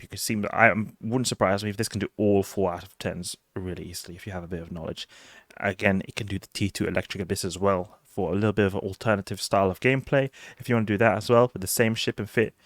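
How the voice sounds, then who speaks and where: A man's voice: sits low, no room sound. A man giving chatty, enthusiastic gameplay commentary and talking straight to his viewers. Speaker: gaming video host.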